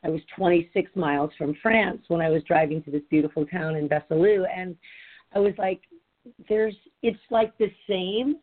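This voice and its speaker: A woman's voice: lowish voice, moderate pace. A middle-aged woman hosting a podcast, telling a story in a rambling, chatty way with lots of "like". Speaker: podcast host. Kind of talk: casual chat. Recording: tinny phone-like sound.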